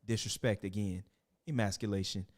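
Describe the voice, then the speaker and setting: A man's voice: on the low side, fairly even intonation, normal speed, a little mellow. A man, hosting a casual movie discussion and telling the story with laughs and stammers. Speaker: podcast host.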